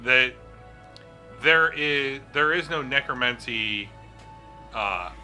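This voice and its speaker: A man narrating as game master of a tabletop game, halting with many uh's. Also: mid-range voice, sharp tone, faint music behind.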